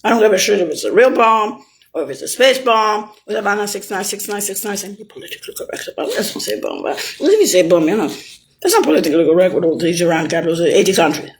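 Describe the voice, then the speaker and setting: A woman's voice: medium pitch, animated, quick pace, slight background noise. Rambling, swearing woman ranting. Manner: rambling, swearing, swings from shouting to whispering. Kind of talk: rambling monologue.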